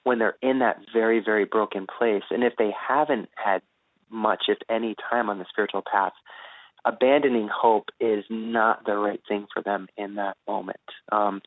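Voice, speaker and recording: A man, an author being interviewed, talking in an earnest, thoughtful way and pausing between phrases. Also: on the low side, fairly even intonation, dry recording. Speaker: author guest. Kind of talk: reflective interview talk. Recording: phone-like narrow band.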